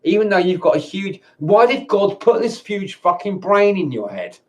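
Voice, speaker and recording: This male vlogger has a high-pitched, sing-song voice and speaks at a moderate pace. He's furious, ranting to camera with swearing and repeated stumbles and restarts.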